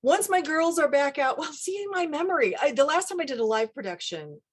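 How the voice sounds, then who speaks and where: A middle-aged woman, a dialect coach, talking casually in an interview with lively asides. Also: high voice. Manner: animated, quick asides, laughs often.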